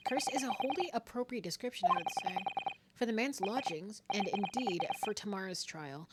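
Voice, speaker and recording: A woman's voice: mid-range voice, expressive, moderate pace, heavy background noise, natural voice. A woman voicing a pompous, eccentric male British detective, reading game dialogue aloud in a grandiloquent, theatrical manner.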